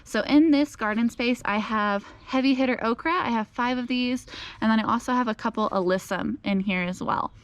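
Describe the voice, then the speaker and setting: Woman vlogger, chatty, slightly high voice, recorded outdoors on a camera. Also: normal speed, clear, resonant tone. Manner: chatty, explains as she shows, talks to her dog. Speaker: gardening vlogger. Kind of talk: casual outdoor garden vlog. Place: outdoor backyard garden.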